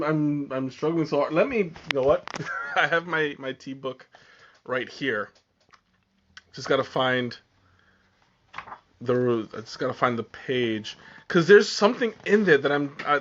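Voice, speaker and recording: A man's voice: a little high, a bit bright, dull audio, slight background noise. A man hosting a live tea tasting, talking casually and often stopping mid-sentence to hunt for the right word. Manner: halting, searching for words, many fillers and restarts. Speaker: livestream host.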